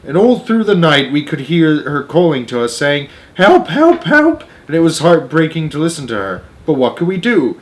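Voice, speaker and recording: A man's voice: fairly high pitch, very animated, moderate pace, few pauses, voice pushed up. A man voicing a prim, genteel female spider telling a story in a storybook read-aloud.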